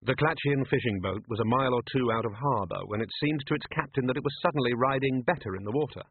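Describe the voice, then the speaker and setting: A man narrating a comic novel in an expressive, wry storytelling manner. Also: mid-range voice, fast talker, husky, dry recording. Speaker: audiobook narrator. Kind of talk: scripted narration. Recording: dry, tinny phone-like sound.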